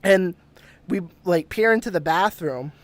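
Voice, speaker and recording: In a measured, high-pitched voice, a man hosting a podcast recounts a ghost story in loose chat, cursing often, laughing, rambling and starting sentences over. No echo is present.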